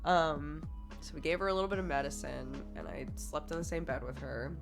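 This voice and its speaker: A woman's voice: sits low, brisk, over music. Chatty woman streamer telling a story. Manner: chatty, full of "like" fillers, laughs through the telling. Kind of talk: casual storytelling to a live stream chat.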